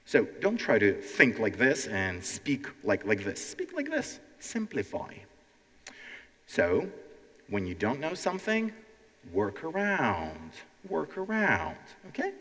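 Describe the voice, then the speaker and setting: On the low side yet fairly bright, the voice belongs to a Ukrainian-accented man who speaks slowly with huge pitch swings. A language teacher hosting a stand-up style show, he speaks directly to a live audience and acts out nervous learners; the sound carries hall reverb.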